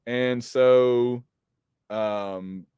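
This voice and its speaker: A man's voice: mid-range voice, steady tone, extremely slow, mellow, smooth, no room sound, clean studio sound. A man casually recapping a comic book story as a podcast host, rambling with frequent ums and self-corrections.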